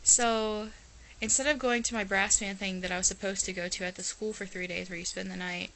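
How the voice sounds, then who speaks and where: A woman's voice: mid-range voice, sharp tone, a little hiss or hum, rough recording. A teenage girl from Ohio, an exchange student chatting casually to her camera in a rambling way, full of "like" and restarts. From Ohio, USA. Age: teens. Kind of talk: casual chat.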